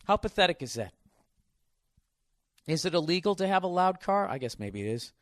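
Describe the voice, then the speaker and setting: A man's voice: sits high, sing-song, normal speed, no echo, studio quality. A man in his forties telling stories in a casual, profane, rambling monologue as a podcast host. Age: 40s.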